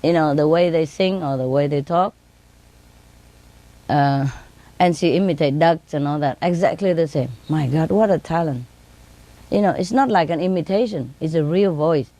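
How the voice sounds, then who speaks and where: A woman's voice: moderate pace, no room sound. Laughing woman telling stories in broken English. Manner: lively, mimics her birds in high sing-song tones. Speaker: speaker telling stories about her pets. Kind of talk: casual storytelling.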